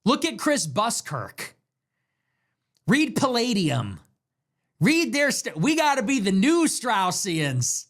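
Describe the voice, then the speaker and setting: A man's voice: high-pitched, wildly swooping pitch, unhurried, fairly bright tone. A man hosting a livestream, delivering an emphatic, repetitive, commanding monologue. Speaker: political livestream host. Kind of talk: monologue commentary.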